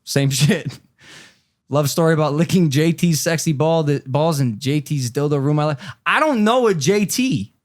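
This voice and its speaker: A man's voice: fairly high pitch, expressive, normal speed. A man co-hosting a podcast who is sick, joking loosely and reading an ad in a hyped-up voice. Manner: joking, loose, reads ad in hype voice. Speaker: podcast co-host. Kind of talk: casual podcast banter and ad read.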